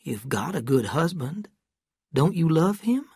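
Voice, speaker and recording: A reader voicing a stern but kindly male country doctor, firm at times and hushed at others, in a storybook reading. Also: mid-range voice, big pitch swings, unhurried, vocal fry, slightly rough, dry recording, clean studio sound, voice pushed up, exaggerated voice.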